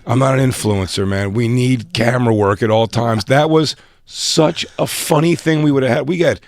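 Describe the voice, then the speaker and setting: A man's voice: medium pitch, moderate pace. A man telling a funny story in casual podcast chat, acting out the other people's voices. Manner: animated, acts out voices in his stories. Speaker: podcast co-host.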